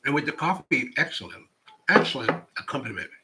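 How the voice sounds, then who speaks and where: A man's voice: mid-range voice, big pitch swings, fast, very noisy. A man hosting a coffee channel livestream, chatting casually and reading viewer comments in a rambling way with many restarts. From United States.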